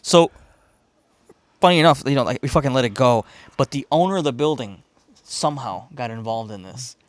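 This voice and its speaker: This podcast co-host, a man of medium pitch, speaks fairly quickly on a dry recording from a studio room. Chatting casually, he tells an outrageous tale full of profanity and laughter, doing impressions of each character's voice.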